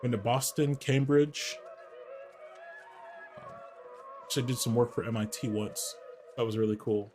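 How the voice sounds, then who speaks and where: Chatty Midwestern male streamer, mid pitch, relaxed commentary, light music underneath. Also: normal speed, pauses often. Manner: chatty, answers chat questions aloud. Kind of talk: casual gameplay commentary.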